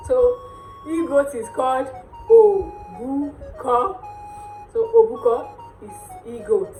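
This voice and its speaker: A Nigerian woman hosting a casual language lesson, repeating words slowly and laughing often. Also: high-pitched, dark tone. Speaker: dialect teacher and channel host. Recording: echoey room with faint music.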